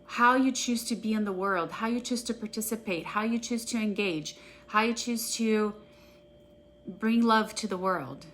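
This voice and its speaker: A woman practitioner guiding an EFT tapping session, speaking in an earnest, gentle, affirming way. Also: mid-range voice, moderate pace, a little hiss or hum.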